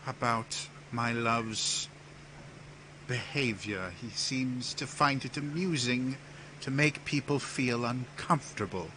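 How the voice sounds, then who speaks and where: A man voicing a gracious, regal empress with a high, lilting, apologetic manner. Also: takes it slowly, bright, forceful tone, a little hiss or hum.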